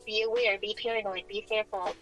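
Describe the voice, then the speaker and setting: A woman's voice: medium pitch, steady tone, fairly quick, a bit bright, poor audio. A woman co-hosting a podcast in casual chat, playful and laughing often, with music playing behind. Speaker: podcast co-host.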